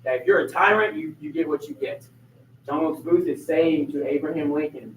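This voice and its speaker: Man teaching a history class, talks kinda high, asks the room questions, echoey far-off mic. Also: fairly quick, slight background noise.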